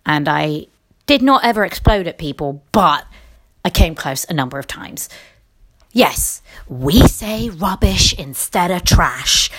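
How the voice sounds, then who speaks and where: Ranting young English woman, lively pitch. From England. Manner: exasperated ranting, frequent swearing and restarts. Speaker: podcast host. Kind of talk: casual solo podcast rant. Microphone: personal mic in a quiet room.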